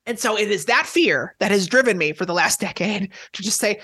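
A man who is a tennis journalist, chatting as a podcast guest, talking quickly and excitably with lots of restarts. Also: sits high, breathy edge, no room sound. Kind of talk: casual podcast chat.

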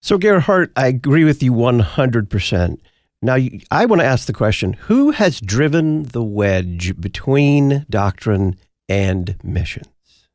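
Male talk radio host: emphatic, preacherly, lively pitch, dry close mic. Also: takes it slowly, dry recording.

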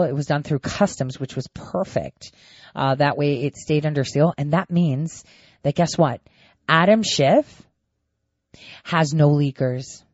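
A woman giving opinionated political commentary in a sarcastic, animated way, reading out quotes and mocking them. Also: fairly low pitch, dry recording, dull audio.

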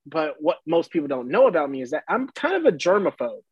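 A young man in his twenties, a baseball player guest telling a story in casual chat, animated and laughing often. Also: fairly high pitch, quick pace, breathy edge, no room sound, dull audio.

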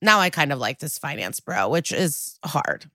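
A woman's voice: deep voice, big pitch swings, bright, forceful tone, dry recording. A woman co-hosting a podcast, recapping a TV episode in casual chat, sarcastic and profane. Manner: sarcastic, profane, jumps into quick impressions. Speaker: podcast co-host.

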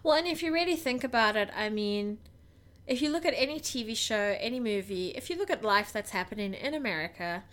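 A woman's voice: a little high, animated, a little fast, a bit bright. A woman co-hosting a movie podcast, speaking frankly and conversationally. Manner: conversational, frank, laughs easily. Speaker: podcast co-host. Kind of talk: casual movie review chat.

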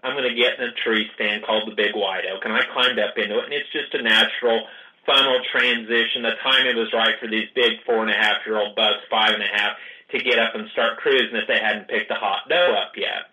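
A man tells a hunting tale in a casual, animated way, voicing the people in it. His voice is bright and forward. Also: fairly low pitch, a little fast, highs cut off. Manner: animated storyteller, acts out quoted dialogue. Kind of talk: casual storytelling.

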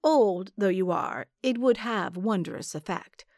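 A woman's voice: medium pitch, a little slow, darkish tone, no room sound, studio quality, lightly acted. A woman voicing a weary, bound male sailor who speaks in a pleading, resentful way.

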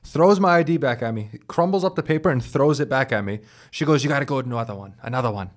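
A man's voice: mid-range voice, fast talker. Man rambling through a story. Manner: rambling, animated, quotes others a lot; frequent restarts and stumbles. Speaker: podcast guest. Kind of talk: casual storytelling.

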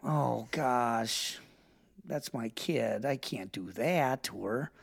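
A man's voice: mid-range voice, drawn-out words, vocal fry, husky. Blunt, profane middle-aged man. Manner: blunt, profane storytelling with lively impressions. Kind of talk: casual chat.

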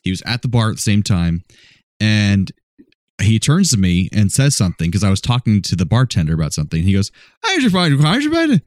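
A man's voice: low voice, fairly quick, a little mellow, dry recording, clean studio sound. A young man co-hosting a podcast, talkative and a bit loopy, often laughing as he chats. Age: young adult. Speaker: podcast co-host and voice actor. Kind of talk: casual chat.

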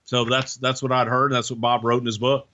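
A male guest rambles through anecdotes, leaning on fillers. His voice is bright, but the line is dull and lo-fi. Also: mid-range voice, flat delivery, a little fast. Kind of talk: casual chat, anecdotes.

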